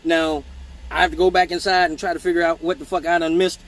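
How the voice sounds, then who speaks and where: A man's voice: fairly high pitch, flat delivery, fast talker, fairly bright tone. A man, a male exotic dancer, hosting a live question-and-answer show and telling a rambling, profane story with joking asides to his viewers. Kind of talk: casual storytelling on a livestream.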